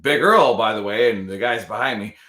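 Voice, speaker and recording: A man with a bright, forceful voice hosts a live show. He jokes and rambles casually with his co-hosts. The sound carries a roomy echo. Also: on the low side, brisk. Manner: loose, joking, rambling. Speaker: podcast host.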